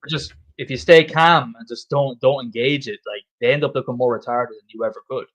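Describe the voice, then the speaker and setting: A man's voice: mid-range voice, a little fast, a bit bright, low-quality recording. A young man chatting casually and emphatically, swearing often and repeating himself as he makes his point. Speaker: host. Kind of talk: casual pub chat.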